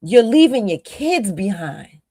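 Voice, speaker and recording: A woman's voice: medium pitch, sing-song, a little slow, dark tone, breathy edge, no echo, studio quality. A woman co-hosting a podcast, giving emphatic, scolding commentary aimed straight at her critics. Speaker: podcast co-host. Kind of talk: casual commentary.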